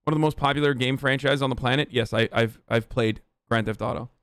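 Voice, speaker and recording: Talking at a quick clip in a steady, medium-pitched voice, this streamer curses heavily as he rants live and answers messages read from his chat. The tone is smooth and fairly bright, recorded dry.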